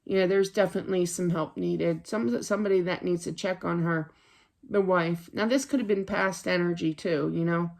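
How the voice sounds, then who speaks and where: A woman's voice: fairly low pitch, fairly even intonation, normal speed, creaky, darkish tone. A woman psychic card reader giving a casual spiritual reading to camera from her home office desk, rambling and chatty, with lots of fillers and restarts.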